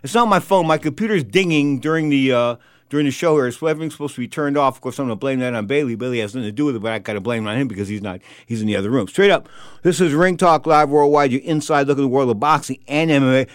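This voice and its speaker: A man's voice: medium pitch, very fast, dry recording. A man hosting a live sports talk radio show from a studio, a little out of breath, talking with rambling energy. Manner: energetic, rambling, leans on "of course".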